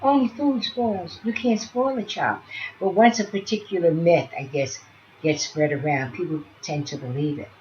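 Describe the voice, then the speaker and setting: A woman who teaches early childhood education, talking through a demonstration and chatting softly to pretend infants as she goes. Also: fairly low pitch, moderate pace, dull audio, slight background noise.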